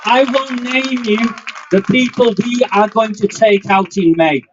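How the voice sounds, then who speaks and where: A man's voice: high voice, measured pace, a loud crowd, heavy background noise. A man, giving an angry, defiant speech at an outdoor demonstration. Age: 50s. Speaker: rally speaker. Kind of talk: impassioned outdoor rally speech. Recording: muffled lo-fi outdoor recording.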